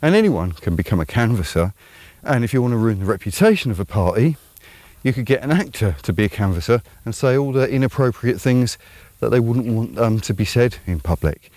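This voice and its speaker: A man's voice: mid-range voice, very animated, fairly quick, a little mellow, no echo. A man with an Estuary English accent hosting his own channel, talking through an opinionated commentary in a rambling, conversational way full of ums. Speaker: channel host.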